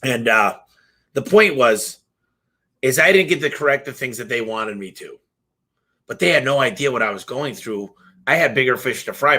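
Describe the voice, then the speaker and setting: A business owner hosts a live Q&A, his mid-range voice pushed and bright. He talks casually and passionately, telling energetic stories with the odd swear word in a relaxed live-stream style.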